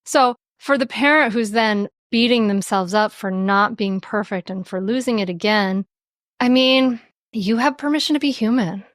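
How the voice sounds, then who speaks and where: A woman speaking as a podcast guest on parenting and mindfulness, gentle and reflective, often laughing lightly as she explains. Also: on the high side, moderate pace, no room sound, clean studio sound. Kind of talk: podcast interview.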